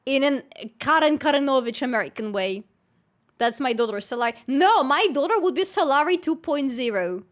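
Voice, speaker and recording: A woman's voice: sits high, lively intonation, moderate pace. A young woman chats casually with her livestream audience. She is playful and often bursts into squealing laughter between her remarks. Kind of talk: casual chat with live viewers.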